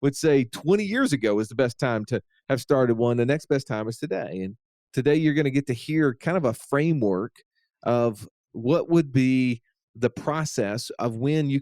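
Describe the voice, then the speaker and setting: A man's voice: medium pitch, a little mellow, dry recording, studio quality. A man hosting a podcast, introducing the episode in an upbeat, teasing, easygoing way. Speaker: podcast host. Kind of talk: casual podcast chat.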